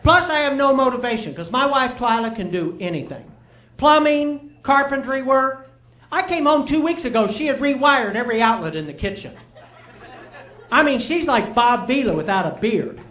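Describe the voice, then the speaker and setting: A man's voice: very high-pitched, animated, moderate pace, pushed and bright. A middle-aged man doing live stand-up, telling chatty, self-mocking stories and checking in with the crowd. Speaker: stand-up comedian. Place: comedy club stage with live audience. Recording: roomy live club sound.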